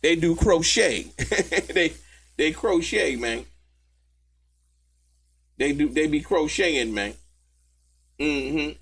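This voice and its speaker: A man, running live commentary with a high, gravelly voice. He talks slowly and lets his pitch swing widely while he mocks and laughs at what he reads out. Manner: animated, mocking, laughs often, slangy. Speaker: YouTube commentary host. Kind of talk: live commentary on court testimony.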